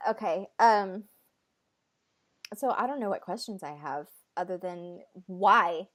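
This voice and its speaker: Woman channeler, mid-range voice; halting, nervous delivery full of fillers and restarts. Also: medium pitch, lively intonation. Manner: relays an unseen being's words in her own voice. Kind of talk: casual conversation.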